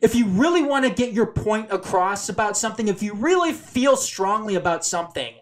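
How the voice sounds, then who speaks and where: A man's voice: high-pitched, expressive, brisk. Passionate man debating on a sports show. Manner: emphatic, reads viewer comments aloud; passionate, repeats himself when making a point. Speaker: sports talk show co-host. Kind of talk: casual debate.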